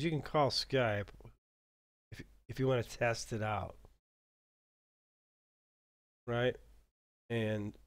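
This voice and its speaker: A man hosting a casual screen-share tutorial for dungeon masters, rambling and halting as he clicks through software at his desk mic. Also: medium pitch.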